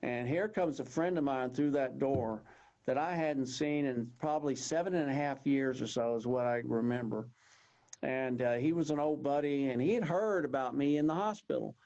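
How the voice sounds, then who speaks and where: A man, telling his personal story as an interview guest in an earnest, halting way with many restarts. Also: mid-range voice, dark tone. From Texas. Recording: dull lo-fi audio.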